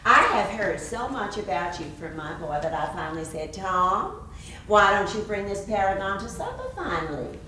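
A woman's voice: mid-range voice, sing-song, moderate pace, bright, forceful tone. An actress playing a middle-aged Southern mother, a faded belle who chatters and flirts with little laughs, in a stage play. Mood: gushing. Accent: American Southern. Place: theater stage. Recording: roomy stage audio from far off with hiss.

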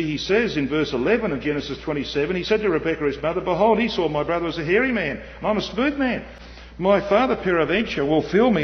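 A man preaching an animated sermon, swinging between loud emphasis and quiet asides. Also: on the high side. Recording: dull, muffled hall with long reverb.

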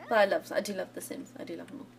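Her voice is lowish and gravelly, racing along with fairly even intonation, as this gaming channel host plays a life-simulation game. She's chatty and giggly in her casual let's play commentary, cheering the characters on over game music.

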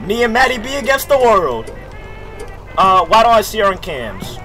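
A young man streaming a game, talking loudly and excitedly in jokey slang, swearing often and reacting out loud. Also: very high voice, normal speed, long pauses, soft background music. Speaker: gaming streamer. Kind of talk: live gameplay commentary.

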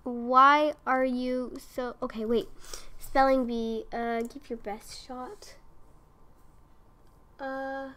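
Slow-talking young woman commenting on gameplay. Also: high voice, steady tone, fairly bright tone. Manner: exasperated, talks to the game characters. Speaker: gaming video creator.

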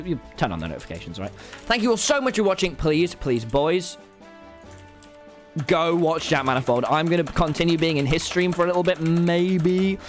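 A young man with a British accent hosts a live stream in a loose, rambling way, swearing freely as he signs off. His voice sits a little high and swings widely in pitch. Faint music plays underneath. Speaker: livestream host. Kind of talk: casual gaming stream chat.

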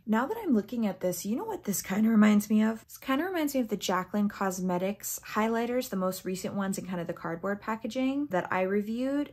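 A young woman reviewing makeup on camera, chatty and easily excited, sometimes reading product text aloud and tripping over words. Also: mid-range voice, slightly rough. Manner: chatty and excitable, gasping at swatches. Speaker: beauty vlogger. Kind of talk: casual first-impressions makeup review.

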